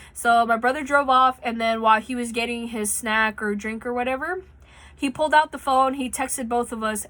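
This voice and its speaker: Bright, chatty young woman telling a story. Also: on the high side. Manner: rambling, chatty, swears freely. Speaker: vlogger telling a personal story. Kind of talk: casual storytelling monologue. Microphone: phone mic.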